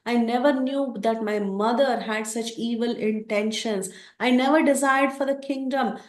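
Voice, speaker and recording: A woman's voice: a little high, pitched above the performer's own voice, lightly acted. A woman voicing an anguished young prince who pleads his innocence in a raised, urgent voice, recorded in a roomy space. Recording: roomy echo.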